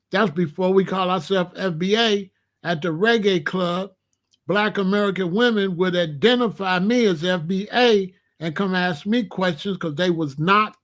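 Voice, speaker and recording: With a high voice, a Chicago-born commentary host delivers an opinionated storytelling monologue. His manner is animated and packed with slangy street talk.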